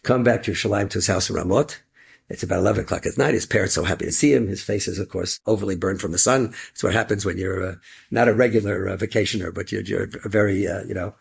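A man telling an inspirational story in animated storytelling, sprinkling Yiddish and Hebrew words. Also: sits low, fast, vocal fry, husky.

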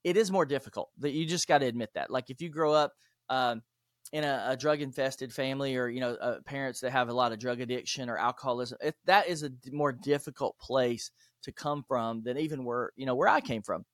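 A man of middling pitch tells animated stories as a podcast guest, slipping into the voices of the people in them. The recording is dry and close, with no room sound. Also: brisk, no echo. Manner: animated, acts out dialogue in stories. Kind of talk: interview storytelling.

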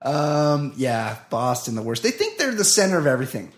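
A man's voice: mid-range voice, very animated, normal speed. A man co-hosting a comedy podcast, playful and agreeable, mock-quoting people. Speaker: podcast co-host. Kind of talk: casual comedic banter.

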